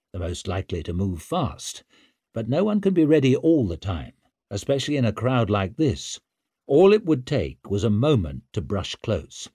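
A man reading a fantasy novel aloud in a vivid, expressive storytelling manner. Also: mid-range voice, husky, dry recording, studio quality. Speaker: audiobook narrator. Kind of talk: scripted fantasy narration.

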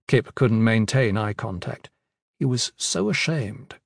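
A man narrating an audiobook in a measured, even storytelling manner, his voice at a middle pitch for a man. The recording is dry and close, with no room echo. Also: gravelly. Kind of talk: scripted narration.

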